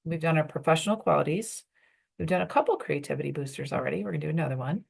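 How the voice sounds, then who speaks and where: A woman with a low, animated voice leads a workshop for professional women, speaking in rapid-fire bursts with vocal fry and a breathy edge. She talks conversationally, using fillers and acting out bits of dialogue.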